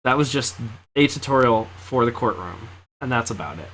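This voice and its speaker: Playing through a game, this streamer does every character's voice himself while rambling on, his talk full of fillers. He has an expressive mid-range voice, a moderate pace, and a slightly bright sound.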